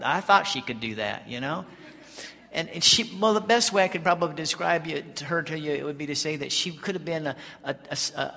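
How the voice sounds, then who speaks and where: A man from Colorado, a pastor telling a folksy story in a sermon, animated and lively. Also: fairly high pitch, creaky, big-room sound.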